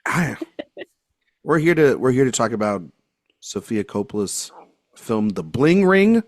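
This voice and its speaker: A man's voice: medium pitch, big pitch swings, a little slow, dry recording, clean studio sound. A man hosting a podcast in casual, joking chat, rambling and laughing often. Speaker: podcast host.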